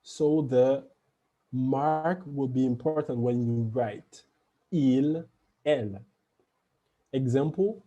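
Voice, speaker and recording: A man's voice: medium pitch, slow pace, long pauses, warm tone, lo-fi sound. A man teaching a French lesson online, patiently repeating each example sentence and explaining it step by step.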